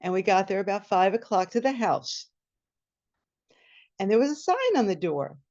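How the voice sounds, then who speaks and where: A woman telling a personal story at a storytelling event, animated and acting out the scene, over a video call. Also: mid-range voice, moderate pace. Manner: animated, laughing, acts out the scene. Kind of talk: personal story told live. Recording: muffled video-call audio.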